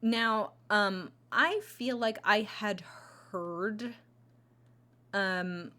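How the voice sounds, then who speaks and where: A woman's voice: medium pitch, very slow, bright, forceful tone. A woman chatting casually into a close mic, reviewing movies on her vlog, rambling with lots of fillers and restarts. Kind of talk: casual chat.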